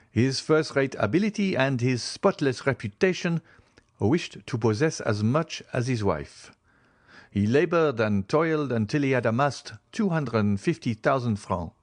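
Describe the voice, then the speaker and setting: Cheerful young guy, read by a man, eager and proud, lively up and down pitch. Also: no room sound, close to an everyday voice. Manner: warm, eager storytelling.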